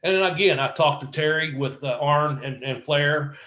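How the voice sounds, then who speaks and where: Animated, profane storytelling man. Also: fairly high pitch, moderate pace, dull audio. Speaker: guest, former pro wrestler. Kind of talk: casual storytelling interview.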